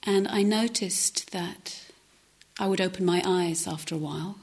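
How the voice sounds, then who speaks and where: A woman meditation teacher giving a gentle, reflective dharma talk at a retreat, often dropping to a soft near-whisper. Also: lowish voice, measured pace. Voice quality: breathy, often drops to a whisper. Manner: gentle, reflective, with hesitant restarts. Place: retreat center meditation hall.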